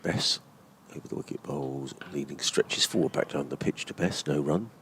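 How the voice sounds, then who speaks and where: Male radio cricket commentator, low register, brisk calls of each ball. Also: creaky, fairly bright tone, slight background noise. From England.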